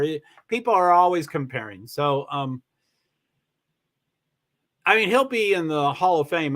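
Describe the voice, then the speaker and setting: A man hosting a live stream, chatting in a rambling, halting way and correcting himself as he goes. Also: medium pitch, fairly bright tone. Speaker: livestream host. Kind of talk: casual commentary on a live stream.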